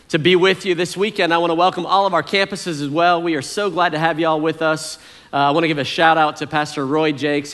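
A man's voice: fairly high pitch, fairly bright tone. A man, a lead pastor giving a casual, joking sermon to his church. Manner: folksy, joking, conversational.

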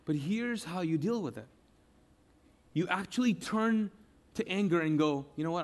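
A man preaching a sermon with passion, repeating phrases and swinging between loud outbursts and hushed, quiet lines. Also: high-pitched, expressive, normal speed, pauses often. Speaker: pastor.

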